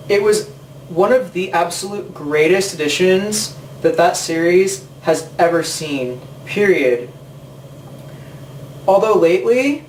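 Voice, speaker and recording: Ranting man in an echoey room. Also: sits high. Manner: swearing, sarcastic mock voices. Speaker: gaming video host. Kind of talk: profane rant. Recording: echoey room from far off, faint noise.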